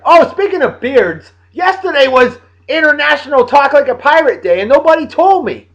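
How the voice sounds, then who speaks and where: A man in his late thirties from Massachusetts, hosting a casual video blog and giving playful, hearty birthday shout-outs to friends. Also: very high-pitched, huge pitch swings, moderate pace, hardly any pauses, highs cut off. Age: late 30s.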